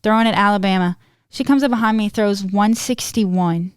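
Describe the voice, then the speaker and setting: A woman in her twenties hosting a podcast, telling a personal story in a lively, animated way and laughing often. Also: mid-range voice, moderate pace, clean tone, dry recording, clean studio sound. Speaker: podcast host. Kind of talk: casual storytelling chat.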